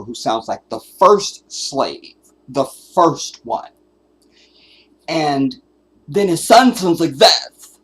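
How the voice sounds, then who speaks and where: A man's voice: mid-range voice, slightly rough. A man hosting a live stream, delivering an emphatic, profane, preachy commentary rant. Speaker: livestream host.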